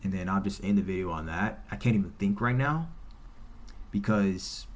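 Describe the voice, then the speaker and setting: A man hosting his own football channel, ranting off the cuff, profane and heated, repeating himself and swinging between low mutters and loud outbursts. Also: lively intonation, normal speed. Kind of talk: unscripted sports rant to camera.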